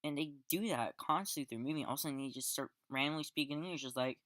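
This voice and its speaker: A man's voice: on the high side, racing, fairly bright tone, no echo. Rambling man reviewing a film, dry sound. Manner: rambling, frequent restarts and fillers; exasperated, sarcastic asides. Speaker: movie reviewer. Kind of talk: casual spoken film review.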